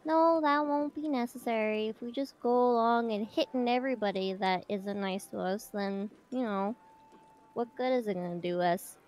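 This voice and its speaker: A woman's voice: fairly high pitch, normal speed, a little mellow, pitched below the performer's own voice, natural voice. Woman playing small, weary female adventurer. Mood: resigned.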